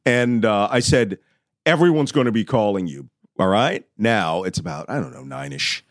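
A middle-aged man telling a vivid personal story, shouting when he acts out moments. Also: on the low side, lively intonation, moderate pace, no echo, clean studio sound. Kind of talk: animated storytelling.

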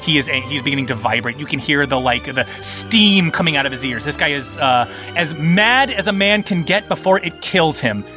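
A man's voice: fairly high pitch, moderate pace, few pauses, sharp tone, soft background music. A man narrating as game master in a tabletop game, loose and playful with many fillers.

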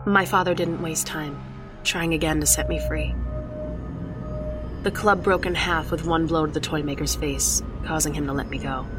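A woman narrates a horror story in the first person, her reading tense and dramatic. Her voice is very low for a woman. Clear music runs underneath the narration. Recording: music behind the voice.

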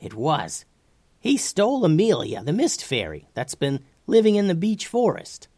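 A man doing a brisk high-voiced grandma. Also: wildly swooping pitch, darkish tone, breathy edge, no echo, heavily acted. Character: quick-witted grandmother fairy helper.

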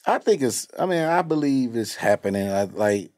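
A man's voice: medium pitch, moderate pace. A man hosting a casual podcast, telling stories in slangy, profane talk and acting out bits of scenes. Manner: animated, slangy, profane storytelling. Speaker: podcast host.

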